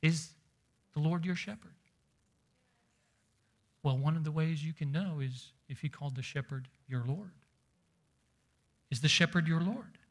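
A man preaching a sermon, emphatic, slowing down and dropping to a near whisper to stress points. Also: a little high, fairly bright tone.

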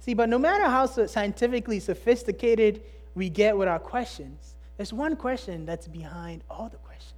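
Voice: mid-range voice, sing-song, moderate pace, hardly any pauses. Emphatic preacher posing rhetorical questions. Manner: emphatic, asks rhetorical questions, swings between loud and hushed. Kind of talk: sermon.

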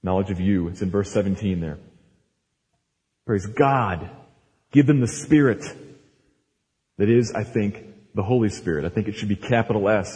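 A man's voice: on the low side, a little mellow. A man preaching a Sunday sermon as pastor, emphatic and repeating words for stress as he explains scripture verse by verse. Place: church sanctuary. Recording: long hall reverb.

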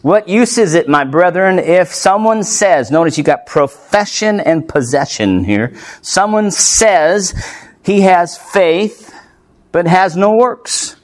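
This pastor has a high voice and takes things slowly, yet stays animated throughout his expository sermon. Punchy and emphatic, he fires rhetorical questions and drops playful asides, laughing lightly as he goes.

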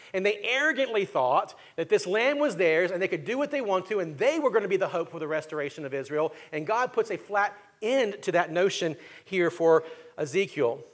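A man preaching a sermon, walking his listeners through the text and asking them rhetorical questions. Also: high voice. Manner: teaching, asks the audience rhetorical questions. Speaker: pastor.

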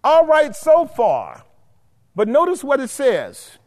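A man's voice: very high-pitched, huge pitch swings, takes it slowly, a little mellow, big-room sound. A man teaching a Bible study in preaching style, emphatic, repeating his points and checking in with his listeners.

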